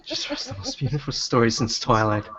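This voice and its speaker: A woman guest who read the story aloud, making wry, deadpan asides in casual chat. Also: a bass voice, fairly quick. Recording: lo-fi voice chat with background crowd noise.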